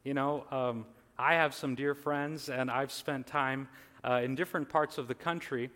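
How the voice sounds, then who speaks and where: A man's voice: mid-range voice, steady tone, moderate pace, fairly bright tone, long reverb tail. A man preaching a sermon earnestly, his voice swelling on lists, with casual fillers and restarts. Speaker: pastor.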